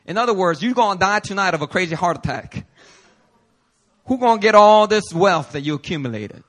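A male pastor preaching a sermon in a playful, animated way with casual slang. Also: sits high, fairly quick.

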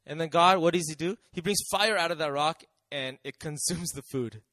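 A man's voice: a little high, moderate pace, pushed and bright, dry recording. A man preaching a sermon in a conversational way, often asking the audience questions and acting out quotes.

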